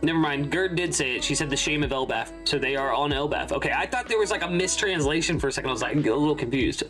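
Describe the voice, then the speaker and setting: A man's voice: fairly high pitch, fast, over music. A young man hosting a casual manga reaction, talking in a chatty, rambling way and often correcting himself mid-sentence. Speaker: channel host.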